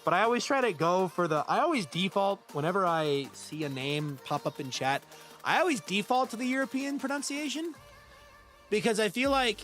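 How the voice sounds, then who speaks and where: A man's voice: high-pitched, a bit bright. An American man live-streaming a game, chatting casually and answering his viewers' messages as they come in. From United States. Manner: chatty, answers viewers' chat aloud while playing.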